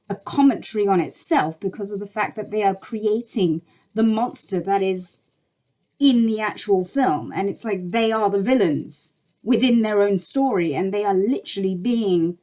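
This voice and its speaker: A woman's voice: mid-range voice, a little mellow, poor audio. Exasperated woman ranting bluntly to camera. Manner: exasperated, blunt, swears freely. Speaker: YouTuber. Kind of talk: heated opinion rant to camera.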